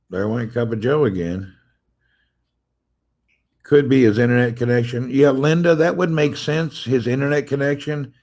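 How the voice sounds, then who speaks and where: A man chats through a phone livestream from his home, his voice sitting at an ordinary middle pitch. He greets viewers one by one and reads their comments aloud. His tone stays loose and playfully teasing. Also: a little mellow. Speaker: livestream host. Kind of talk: casual live-stream chat. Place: at home with family nearby.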